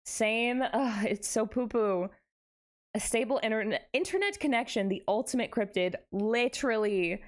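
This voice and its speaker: A woman's voice: a little high, normal speed. A young adult woman streaming live, chatting casually with her viewers in a playful, dramatic way. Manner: animated, playful, dramatic exclamations.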